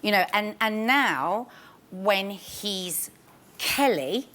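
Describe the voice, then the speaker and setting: A woman's voice: medium pitch, animated, extremely slow, bright, forceful tone. A British woman on a TV panel, speaking bluntly and scornfully with strong emphasis. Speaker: panel guest. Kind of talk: opinionated studio panel talk.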